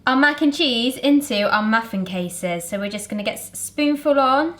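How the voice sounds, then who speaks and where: A woman's voice: fairly high pitch, normal speed, a bit bright. A woman co-hosting a home cooking video, chatting easily and giggling along. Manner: giggly, easygoing. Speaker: co-host. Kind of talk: casual cooking chat. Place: home kitchen.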